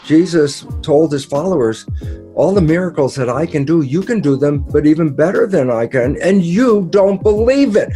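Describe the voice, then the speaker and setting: An older man giving an animated interview talk, telling stories and acting out quoted dialogue with casual swearing. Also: a little high, normal speed, soft background music. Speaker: guest speaker.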